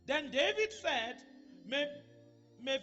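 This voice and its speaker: A South African man reading scripture aloud in church, slow and careful, stumbling over names. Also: very high voice, lively intonation, sharp tone, big-room sound, highs cut off, soft background music.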